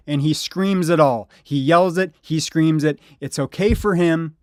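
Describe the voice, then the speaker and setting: A man talks over police footage, mocking and indignant. His voice sits fairly high, and it is recorded close and dry with no room sound. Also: measured pace, few pauses, a little mellow, dry recording. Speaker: video commentator. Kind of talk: angry commentary over bodycam footage.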